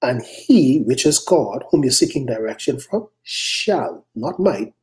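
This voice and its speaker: A male pastor preaching a sermon, emphatic, swinging into quick acted-out prayers and sharp rising challenges. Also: mid-range voice, sing-song.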